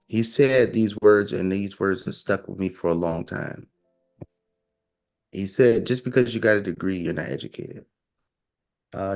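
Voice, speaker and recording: A man's voice: deep voice, vocal fry. A man talking casually and emphatically, lecturing with rhetorical questions. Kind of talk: casual opinion talk.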